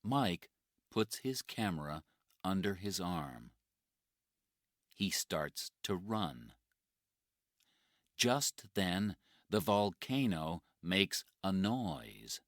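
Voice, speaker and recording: Very slow, deep-voiced man narrating. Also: sing-song, no room sound, studio quality. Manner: very slow and clearly spoken for learners. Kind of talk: graded-reader story narration.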